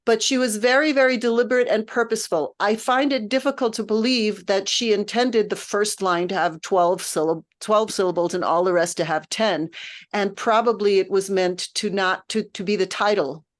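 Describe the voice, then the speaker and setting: A woman's voice: mid-range voice, steady tone, moderate pace. A woman music director leading a text study, lecturing informally in a thoughtful, patient way while she searches for her words.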